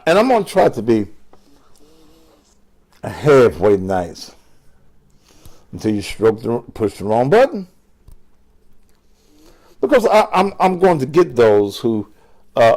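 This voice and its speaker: Older male host, profane, combative rant, lively pitch, slow unhurried delivery. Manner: crude, combative, cursing, mocking. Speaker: online show host. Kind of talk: profane live-stream rant.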